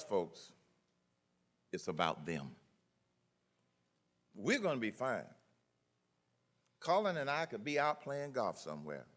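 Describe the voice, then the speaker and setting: An older man delivering a rousing political speech at a conference, building to loud emphatic peaks. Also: on the low side, very animated, a little slow, pauses often. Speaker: conference keynote speaker. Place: conference hall.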